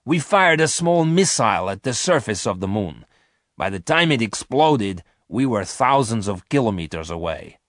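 A man's voice: fairly low pitch, sing-song, normal speed, fairly bright tone, no echo. Guy doing a harsh bossy space thief, up-and-down voice, dry close sound. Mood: scheming. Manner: harsh, commanding. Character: ruthless male space thief leader.

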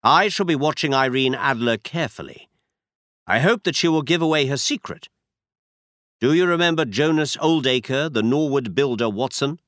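A man voicing a shrewd, confident male detective who lays out his schemes in crisp, commanding explanations. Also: medium pitch, expressive, normal speed, fairly bright tone, no echo, clean studio sound, natural voice. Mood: plotting.

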